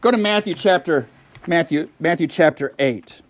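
Male pastor, conversational sermon in a church, high voice, mic set back. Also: lively intonation, normal speed, distant mic. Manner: conversational, asks the congregation questions. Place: church sanctuary.

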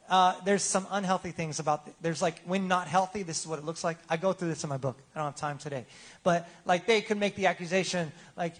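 Pastor guy w a high voice, chatty joking sermon, keeps asking the crowd amen?. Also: fast. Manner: casual, joking, asks the crowd for replies.

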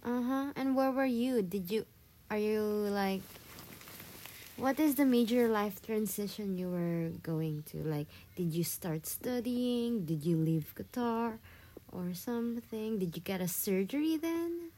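A woman's voice: mid-range voice, lively intonation, measured pace, warm tone. A young woman co-hosting a casual podcast, prompting and asking questions. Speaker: podcast co-host. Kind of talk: casual chat.

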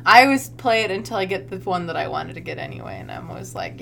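A woman co-hosting a podcast, telling stories in casual chat, animated and acting out what people said. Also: medium pitch, fast, creaky, a little hiss or hum. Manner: animated storytelling, acts out quoted voices, swears. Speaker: podcast co-host.

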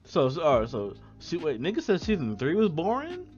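A man's voice: on the high side, huge pitch swings, fairly quick, darkish tone, lo-fi sound, faint music behind. A man co-hosting a casual podcast about anime, laughing often and acting out the characters he quotes. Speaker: podcast co-host.

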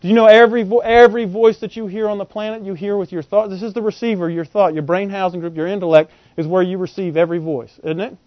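High-voiced male preacher quizzing his listeners. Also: fast, few pauses, no echo. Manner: animated, quizzes the audience with rhetorical questions. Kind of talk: Bible teaching sermon. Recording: dull, lo-fi and dry.

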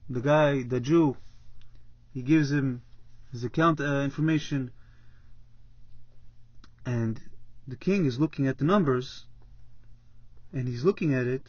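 A man's voice: mid-range voice, unhurried, pauses often, a little mellow, breathy edge. A man giving a casual Torah class, retelling a parable in plain speech and acting out the characters, with frequent restarts. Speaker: Torah teacher. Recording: dull lo-fi recording.

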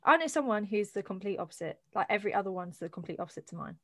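A woman co-hosting a podcast in casual chat, animated and blunt, swearing and asking rhetorical questions. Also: medium pitch, racing, no echo, studio quality. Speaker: podcast co-host.

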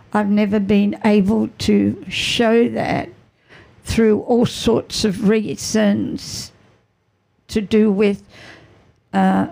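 A middle-aged woman giving an earnest, emotional personal testimony as a mother, halting and repeating her phrases. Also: mid-range voice, vocal fry, dark tone.

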